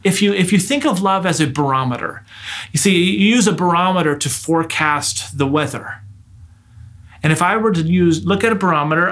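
A man's voice: on the high side, fairly bright tone. Earnest male preacher giving a sermon. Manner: earnest, rhetorical questions, acts out greetings.

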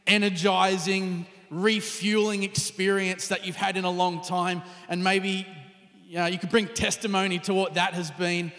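A man with a high, light voice gives a relaxed, conversational sermon to a gathered congregation. His words ring with the long reverb of a church hall, and now and then he sinks to a hushed near whisper. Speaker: pastor.

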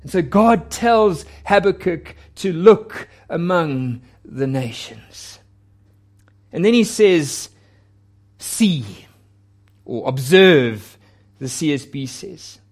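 A male pastor preaching a sermon with a fairly high voice. He takes his time, spacing out each phrase and leaning into quoted lines with earnest emphasis. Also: expressive, takes it slowly.

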